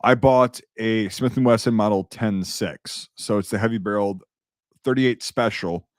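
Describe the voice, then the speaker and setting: A man's voice: fairly low pitch, normal speed, dry recording. Rambling, profane man in dry close sound. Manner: rambling, profane, many restarts and fillers. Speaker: podcast host. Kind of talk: casual chat.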